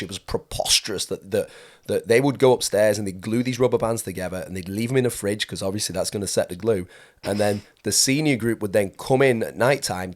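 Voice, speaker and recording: A man hosting a podcast, a skydiving coach who talks emphatically and repeats his points. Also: on the low side. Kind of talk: podcast conversation.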